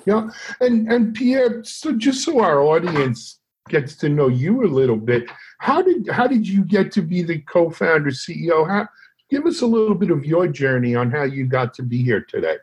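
A man's voice: fairly high pitch, lively intonation, normal speed, a little mellow, breathy edge. A man hosting an interview podcast, asking upbeat questions with a few restarts. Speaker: podcast host.

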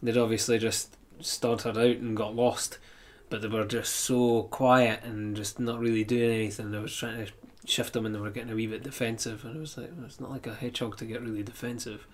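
A man's voice: lowish voice, little pitch movement, fairly quick, few pauses. Chatty man telling a story. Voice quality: chatty, rambling with restarts and laughs. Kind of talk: casual chat, anecdote telling.

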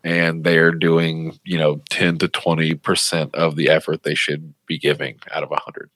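A man's voice: extremely low pitch, completely flat delivery, moderate pace, a bit bright, dry recording. A man hosting a podcast, telling stories in a casual, profane chat and laughing often. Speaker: podcast host.

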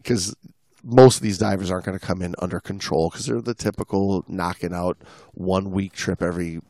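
A man's voice: low voice, fairly even intonation, a little fast, mellow, no room sound. A man on a podcast reading a diving story aloud and breaking off to explain and chat. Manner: reads then riffs and explains at length. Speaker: podcast co-host, story reader.

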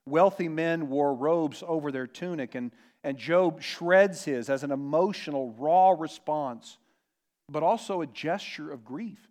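A man preaching a sermon as a pastor, earnest and emphatic, slowing down to stress key words. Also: on the high side, a little mellow. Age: adult parent.

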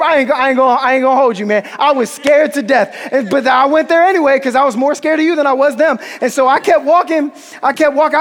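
A man voicing an excited young male disciple who tells his story breathlessly, boastfully and with slang. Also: very high voice. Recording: long hall reverb.

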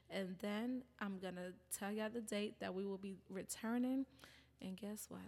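A woman hosting a podcast in casual chat, blunt, teasing and profane. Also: mid-range voice. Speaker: podcast host. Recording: roomy reverb.

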